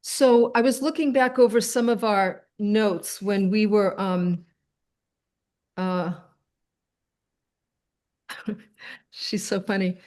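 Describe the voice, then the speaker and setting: Woman telling a story on a video call. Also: medium pitch. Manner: animated storyteller, quick asides, soft fillers. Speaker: host. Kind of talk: casual storytelling chat.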